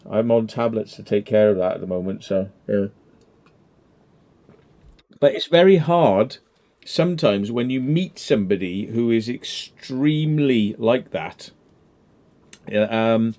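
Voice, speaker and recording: A man's voice: fairly low pitch, dark tone. A man hosting a casual online chat, rambling and joking between beers, swearing now and then. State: drinking beer. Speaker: host.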